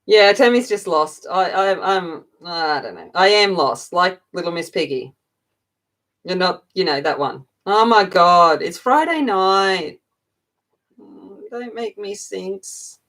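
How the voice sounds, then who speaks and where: A woman's voice: lowish voice, animated, unhurried, a bit bright. A middle-aged woman with an Australian accent hosting a livestream, chatting casually and playfully with viewers and laughing often. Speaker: livestream host. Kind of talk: casual chat with viewers while colouring.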